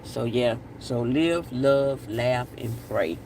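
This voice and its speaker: A man's voice: mid-range voice, slow pace, darkish tone. A man hosting a casual live stream, reading viewer comments, repeating himself and sending blessings. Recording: distant mic with faint outdoor noise.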